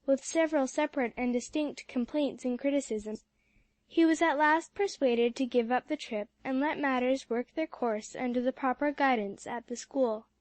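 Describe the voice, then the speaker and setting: A woman narrating a classic children's book in a steady, expressive reading voice. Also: sits high, normal speed, no echo. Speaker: audiobook narrator. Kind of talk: storybook narration.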